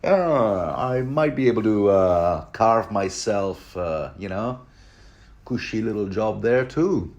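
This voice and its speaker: A man voicing a creepy, soft-spoken older male healer with an oily, insinuating manner. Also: fairly low pitch, lively intonation, slow pace, lo-fi sound. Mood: scheming.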